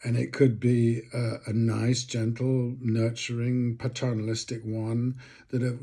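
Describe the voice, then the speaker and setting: Husky man musing aloud. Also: mid-range voice, little pitch movement, a little slow, mellow. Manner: rambling, thinking aloud with many restarts. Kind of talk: reflective monologue.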